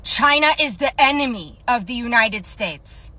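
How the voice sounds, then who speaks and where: A woman's voice: on the high side, animated, a little slow, pushed and bright. A woman voicing a self-righteous customer who lectures a cashier at checkout. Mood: lecturing.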